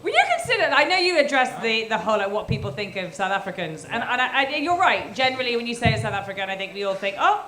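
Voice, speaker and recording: A woman judging a live comedy act, giving quick, teasing feedback on stage. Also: a little high, very animated, sharp tone. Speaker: comedy show judge. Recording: echoey hall.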